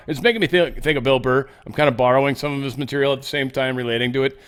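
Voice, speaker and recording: A man's voice: mid-range voice, racing, hardly any pauses, clear, resonant tone. A man hosting a podcast, giving casual commentary in a sarcastic, rambling way and swearing often. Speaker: podcast host.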